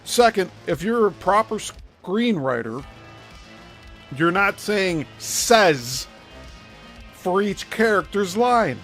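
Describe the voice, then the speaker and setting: A man's voice: sits high, lively intonation, takes it slowly, fairly bright tone, faint music behind. A man hosting a show, giving critical, explanatory commentary on a script. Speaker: host.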